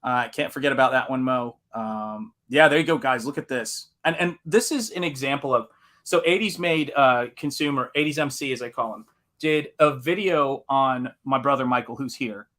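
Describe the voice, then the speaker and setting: A man hosting a live stream in casual chat, animated and laughing often, speaking in a General American accent. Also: medium pitch, moderate pace. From United States. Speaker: livestream host.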